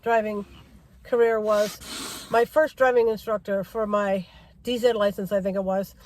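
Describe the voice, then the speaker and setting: A woman's voice: mid-range voice, fairly even intonation, a little slow, darkish tone, no echo. A middle-aged woman vlogger in a car, giving a rambling driving-safety rant and repeating herself for emphasis.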